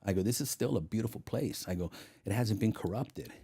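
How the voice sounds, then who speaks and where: Animated middle-aged man telling stories. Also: lowish voice, a little fast, slightly rough. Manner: animated, acts out quoted dialogue. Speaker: guest, retired federal agent. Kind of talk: casual interview storytelling.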